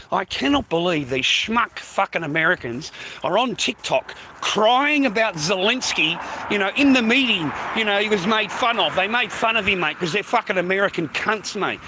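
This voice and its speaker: A man's voice: high-pitched, background noise. A man in his fifties with an Australian accent, livestreaming a blunt, profane rant on a city street and calling listeners "mate". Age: 50s.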